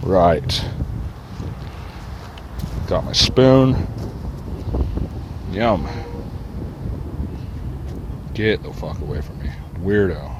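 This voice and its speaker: An older man with a lowish voice grumbles and rambles as he walks a city street, cursing often and snapping irritably at everything around him. He talks into a small clip-on mic, and faint traffic hum sits behind him. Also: expressive, very slow, pauses often. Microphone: small wire mic worn on body. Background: passing cars and motorcycles.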